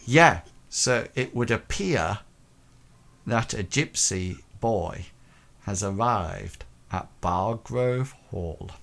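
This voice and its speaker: Slow, halting game master man. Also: fairly low pitch, animated, vocal fry, a bit bright. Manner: halting, full of ums. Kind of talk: narrating a tabletop game.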